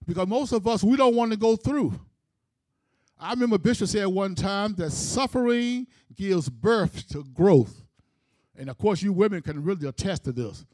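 A male preacher with a high-pitched voice delivers a sermon in emphatic, rhythmic phrases. He tells the story as he goes. The recording is close and dry. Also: animated, measured pace, darkish tone, dry recording.

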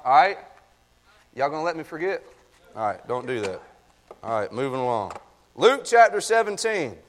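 High-voiced pastor preaching slowly. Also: male voice. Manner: folksy, talks to the congregation with "y'all". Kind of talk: sermon with scripture reading and prayer. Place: church sanctuary.

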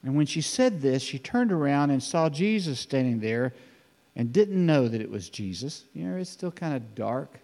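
A man preaching a sermon in a conversational, animated way, acting out the voices in the scripture he reads. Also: medium pitch, moderate pace, gravelly, in a large hall. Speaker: pastor.

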